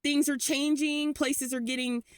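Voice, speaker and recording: This California vlogger has a high-pitched voice with fairly even intonation, talking unhurriedly into her handheld phone at a car wash at night. She rambles in a frightened way and swears frequently, and there's no echo.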